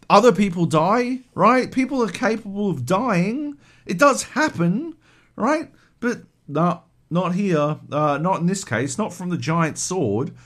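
A man's voice: high voice, a bit bright. A man co-hosting a podcast, ranting animatedly and swearing a lot in casual chat. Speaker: podcast co-host.

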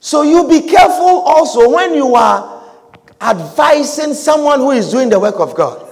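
A man preaching a sermon in church, fervent, repeating phrases for emphasis and at times shouting. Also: extremely high pitch, sing-song, normal speed, creaky. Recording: long reverb of a large hall.

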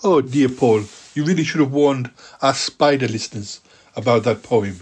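A man's voice: mid-range voice, moderate pace, darkish tone, slightly rough, natural voice. A man voicing a teasing sidekick. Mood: mock-scolding. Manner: teasing, chatty interjections.

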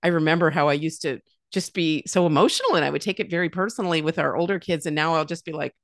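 A woman in her fifties, a mother of grown children, is a guest on a podcast, telling stories in relaxed conversation. She is a warm storyteller who acts out what others said in lively voices and restarts often. Her voice is low-pitched and fast, captured in a dry, clean studio recording.

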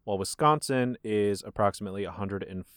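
A man hosting a casual podcast chat and asking the questions, with blunt, dark deadpan humor. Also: on the low side, fast, smooth, dry recording, clean studio sound. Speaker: podcast host.

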